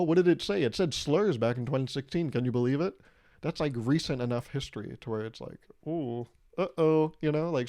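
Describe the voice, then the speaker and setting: A man's voice: mid-range voice, dark tone. A young man hosting a casual solo podcast, rambling through a story and laughing at his own jokes. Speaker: podcast host.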